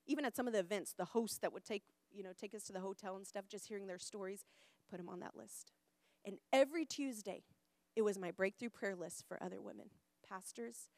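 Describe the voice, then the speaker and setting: A middle-aged woman preaching and telling her testimony, passionate, rising loud and high and then falling soft and low. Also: no echo. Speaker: pastor and speaker. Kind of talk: sermon testimony.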